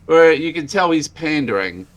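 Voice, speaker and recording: A man co-hosting a casual podcast, agreeable and quick with short affirmations. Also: on the high side, animated. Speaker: podcast co-host.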